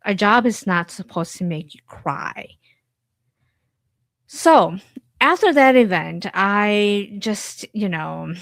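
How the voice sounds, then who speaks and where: A woman's voice: mid-range voice, no room sound. A woman podcast host and therapist in training, telling a personal story in an emphatic, candid way. She repeats key points and swears now and then.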